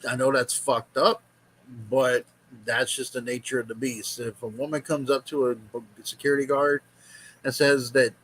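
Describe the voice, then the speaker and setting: A man's voice: mid-range voice, level tone, moderate pace, fairly bright tone, a little hiss or hum, rough recording. A man hosting a reaction video, giving blunt, profane advice in casual commentary. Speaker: vlog host reacting to a video.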